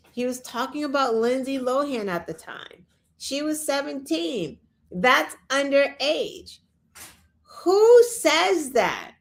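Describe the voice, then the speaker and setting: Host, woman, unhurried but fed-up rant, lots of "like" and "right?", higher register. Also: a bit bright. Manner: exasperated, rhetorical questions; fillers like "like" and "right?". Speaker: show host. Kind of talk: opinion rant.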